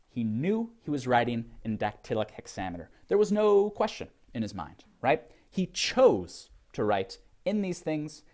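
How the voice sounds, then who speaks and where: A man teaches a class on poetry in a lively, up-and-down voice. He hesitates often and restarts his sentences, putting questions to his students as he goes. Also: mid-range voice. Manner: reads verse slowly with heavy stress. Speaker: literature lecturer. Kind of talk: classroom lecture.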